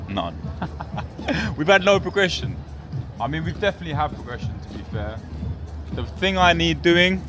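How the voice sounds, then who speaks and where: A man from the UK, a gold trader and trading mentor, talking casually to camera in an excitable, slangy way and swearing freely. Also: medium pitch. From United Kingdom. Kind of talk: casual vlog talk to camera. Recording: noisy background.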